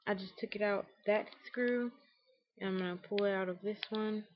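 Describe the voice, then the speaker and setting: A woman's voice: medium pitch, steady tone, normal speed. A young woman talks her viewers through a home tutorial in a loose, chatty way, full of fillers. Her voice sits in a middle range. The recording is dull and lo-fi, picked up by a camera mic in a room at home. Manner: chatty, with many fillers and acted quotes. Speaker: beauty vlogger. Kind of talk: casual how-to tutorial. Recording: dull lo-fi webcam audio.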